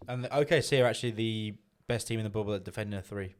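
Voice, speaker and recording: A fairly low-voiced Australian man in a casual sports podcast. He keeps things moving in a laid-back way, bringing up each new matchup. His tone stays easygoing and conversational. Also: rapid-fire. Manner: laid-back, steers the talk between topics. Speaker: podcast co-host.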